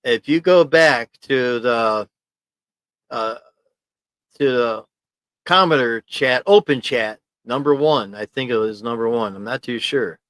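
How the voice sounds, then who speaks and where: A man's voice: medium pitch, takes it slowly, fairly bright tone, smooth, dry recording. A man hosting a casual livestream from his home office, rambling and chuckling as he reads viewer comments aloud. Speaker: livestream host. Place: small home office studio. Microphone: desk mic in home office.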